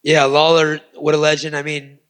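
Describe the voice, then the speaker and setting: Upbeat man, a bit high-voiced. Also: monotone, moderate pace, a bit bright, clean tone. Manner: enthusiastic, loose and rambling. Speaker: panelist, fighter. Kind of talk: casual panel answers.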